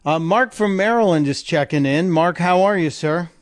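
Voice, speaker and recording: A man's voice: a little high, normal speed, background noise. A man hosting a talk radio show and taking calls, chatty and jokey, often stumbling and repeating words. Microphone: studio microphone.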